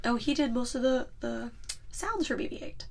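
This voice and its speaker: A woman's voice: fairly high pitch, expressive, moderate pace, gravelly, darkish tone, slight background noise. A woman hosting a casual chat podcast, giggling often and retelling movie scenes with lots of "like". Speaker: podcast host.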